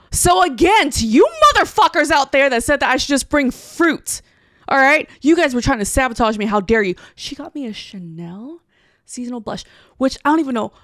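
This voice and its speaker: A woman co-hosting a podcast, telling a story in casual chat, animated and swearing as she acts out quotes. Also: high-pitched, no room sound, clean studio sound. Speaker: podcast co-host.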